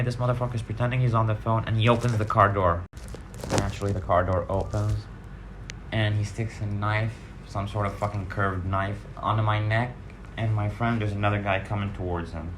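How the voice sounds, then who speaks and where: A vlogger sharing recovery stories delivers a casual monologue in a lowish, steady voice at a fairly quick pace. He tells blunt, profane stories from his past, rambling and tossing in side remarks, with background noise audible.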